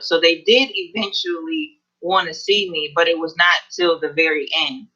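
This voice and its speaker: A woman guest on an online interview, talking in an earnest, halting way about her experience. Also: fairly low pitch, bright, forceful tone. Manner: earnest, halting with frequent pauses. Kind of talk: personal testimony in an online interview. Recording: dull lo-fi video call audio.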